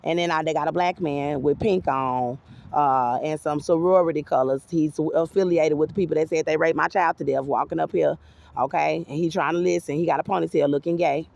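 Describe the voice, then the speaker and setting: A woman's voice: low voice, fairly even intonation, a little fast, vocal fry, a little mellow. A woman giving an agitated, rambling personal monologue to camera, swearing freely. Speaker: vlogger.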